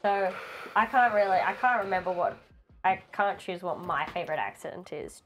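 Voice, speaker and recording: A woman's voice: on the low side, lively intonation, normal speed, fairly bright tone, faint music behind. A woman co-hosting a casual chat about tabletop games, chatty and laughing often. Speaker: co-host.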